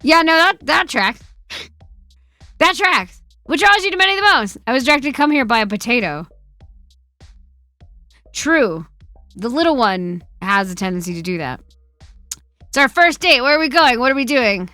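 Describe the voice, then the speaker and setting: A woman streaming from home, chatting casually with her chat, swearing a lot and swinging between loud outbursts and quiet muttering. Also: a little high, big pitch swings, unhurried, long pauses, no room sound, faint music behind.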